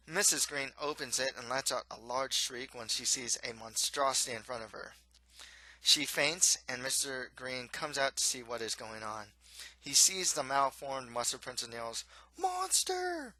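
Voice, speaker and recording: A man reading his own children's-style novel aloud, in steady, plain storybook narration with occasional slips. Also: medium pitch, no echo, low-quality recording.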